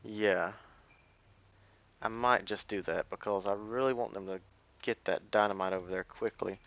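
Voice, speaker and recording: A man's voice: on the low side, steady tone, moderate pace, a bit bright, dull audio. A man giving casual gameplay commentary as a let's play streamer, thinking aloud and muttering half-finished sentences as he plays.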